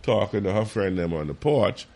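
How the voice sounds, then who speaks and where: A man telling a story in casual chat, animated and profane. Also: normal speed. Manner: animated, profane, jumps high when quoting. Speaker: podcast co-host.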